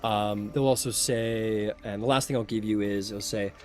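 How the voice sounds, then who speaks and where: Laid-back game master. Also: male voice, lowish voice, moderate pace, faint music behind. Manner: relaxed, filler-heavy narration. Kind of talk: narrating a tabletop game.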